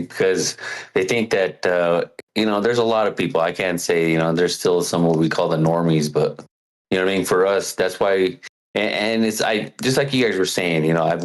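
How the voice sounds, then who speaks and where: A longtime caller talking in a rambling, halting way, full of fillers and restarts. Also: male voice, sits low, low-quality recording. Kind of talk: casual call-in chat.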